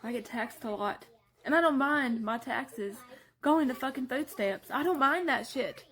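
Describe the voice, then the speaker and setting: A woman's voice: high voice, a little slow, a bit bright. Angry tearful working mother ranting. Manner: angry, swearing. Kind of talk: emotional vlog rant.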